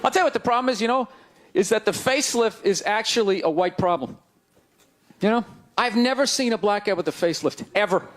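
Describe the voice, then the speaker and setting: A man doing a stand-up routine, ranting with incredulous questions and shouting his punchlines. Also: high voice, fairly quick. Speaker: stand-up comedian. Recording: live club with crowd laughter.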